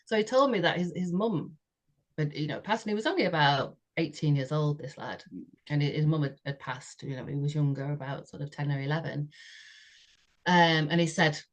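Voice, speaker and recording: A woman's voice: deep voice, normal speed. A woman, a podcast co-host telling a personal story in a chatty way, often laughing and saying "you know". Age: 60s.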